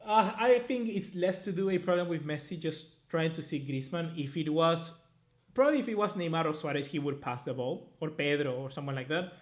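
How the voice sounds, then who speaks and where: Man, twenties, live-stream football review host, rambling, casual, cursing, voice a bit high. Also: brisk. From Latin America. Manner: casual, rambling, swears freely. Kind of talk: live-stream match review, reading viewer chats.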